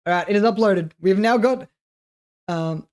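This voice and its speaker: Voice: mid-range voice, normal speed, a little mellow. A livestreamer chatting casually with viewers, joking, laughing often and swearing, and muttering to themself while fiddling with things. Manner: talks to self while working, trailing off mid-sentence.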